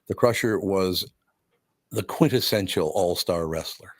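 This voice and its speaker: A man's voice: low-pitched, measured pace, dry recording, studio quality. An older man hosting a radio talk show, telling wry stories with frequent chuckles. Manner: storytelling, wry, chuckles often. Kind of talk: casual chat.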